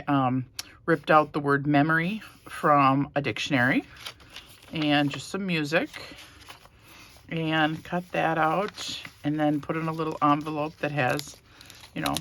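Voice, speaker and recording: Bright-voiced woman showing a craft journal. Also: sits low, creaky, slight background noise. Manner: soft, emotional, rambling with fillers. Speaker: crafting vlogger. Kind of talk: casual show-and-tell.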